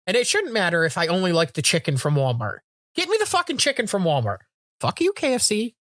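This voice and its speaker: This podcast co-host, a middle-aged woman, talks fast in a low voice with no room sound and studio-quality audio. Telling stories in a casual chat, she brings quotes to life and curses often.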